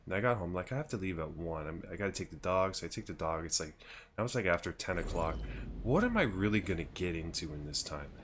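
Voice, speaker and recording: A man's voice: low-pitched, animated, fast, background noise. A man in his thirties casually telling a rambling story on a gaming livestream, laughing and restarting often. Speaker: streamer.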